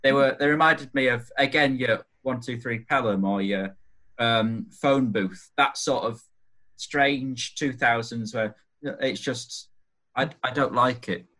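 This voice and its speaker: A man's voice: mid-range voice, steady tone, a little slow, bright, forceful tone. A man co-hosting a podcast, chatting casually about a film, hesitant and reading from his notes. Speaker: podcast co-host. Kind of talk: casual film review chat.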